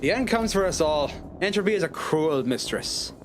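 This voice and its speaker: A man's voice: on the high side, animated, normal speed, faint music behind, close to an everyday voice. A man voicing a gloomy doppelganger agent in a game, making grave, melodramatic pronouncements. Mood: ominous.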